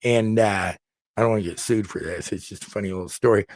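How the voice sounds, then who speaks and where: A man hosting a casual comedy podcast, an animated storyteller who is often laughing and joking. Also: fairly low pitch, quick pace, no room sound, studio quality. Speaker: podcast host.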